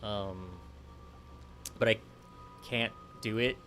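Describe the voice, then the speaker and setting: A man's voice: on the low side, fairly even intonation, very slow, a bit bright, slight background noise. A man hosting a game playthrough on a headset mic, chatting casually and rambling with self-mocking asides. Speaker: let's play host. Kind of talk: casual gameplay chat.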